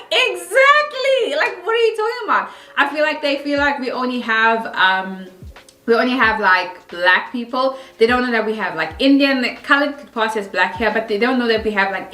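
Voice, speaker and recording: Bright-voiced South African woman vlogging. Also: medium pitch. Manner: animated, acts out other people's lines in shifting voices. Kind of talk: casual storytelling to camera. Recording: roomy echo.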